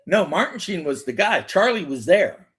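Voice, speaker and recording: A man's voice: high-pitched, sing-song, normal speed, fairly bright tone, husky. A man hosting a casual chat, telling long rambling stories, acting out quotes and swearing freely. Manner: rambling storyteller, acts out quotes, swears, laughs. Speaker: host.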